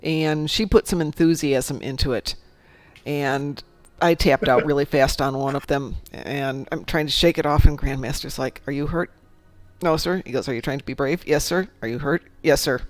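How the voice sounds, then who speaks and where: A woman hosting a casual gaming chat, a chatty storyteller who talks in an animated, jokey way. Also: low-pitched, no room sound. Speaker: stream host.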